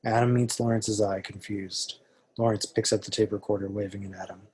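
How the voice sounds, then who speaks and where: A man narrating the stage directions for an amateur table read in a low, husky voice. He reads steadily and matter-of-factly, with very little rise and fall. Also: a little fast. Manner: steady, even, matter-of-fact reading.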